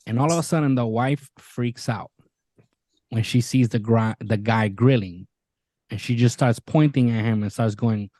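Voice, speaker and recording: A man in casual podcast chat, retelling a show with lots of energy, swearing freely and jumping into quoted voices. His voice sits at a middle pitch. The sound is dry and close to the mic. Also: moderate pace, darkish tone, no room sound. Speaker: podcast co-host.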